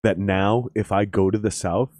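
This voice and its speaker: Podcast host, man, lowish voice, swears freely, lively storyteller; dry recording. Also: moderate pace, no echo. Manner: profane, energetic storyteller. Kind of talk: casual podcast chat.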